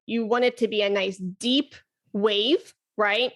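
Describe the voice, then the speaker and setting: A woman flute teacher talking on a podcast in an animated way, laughing often and demonstrating breath sounds. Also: medium pitch, slow pace. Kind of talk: casual podcast conversation.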